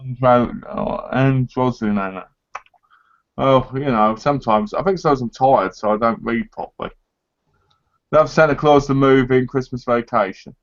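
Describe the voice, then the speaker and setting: A man's voice: mid-range voice, normal speed, lo-fi sound. An English man co-hosting a casual live chat, blunt, sweary and mock-boastful. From England. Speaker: co-host. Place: living in America.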